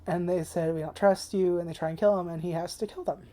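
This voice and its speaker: Mellow, low-voiced woman rambling through a review. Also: steady tone, quick pace. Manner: rambling and profane, heavy use of "like"; emotional, tearful at times. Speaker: anime reviewer. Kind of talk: casual review vlog. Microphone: camera.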